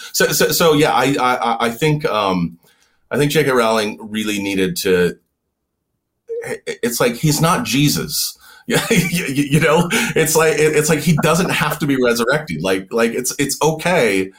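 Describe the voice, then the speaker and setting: A man's voice: mid-range voice, animated, a bit bright. Male author guest, casual podcast talk, stop-start delivery full of repeats, mid-range voice. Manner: halting, many repeated words and restarts.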